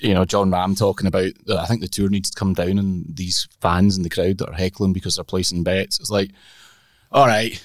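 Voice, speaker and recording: A man's voice: deep voice, steady tone, a little fast, no echo, studio quality. A man co-hosting a golf podcast, wry and teasing, steering the talk from one topic to the next. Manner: wry, teasing, leads the segments. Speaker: podcast co-host. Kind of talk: casual golf chat.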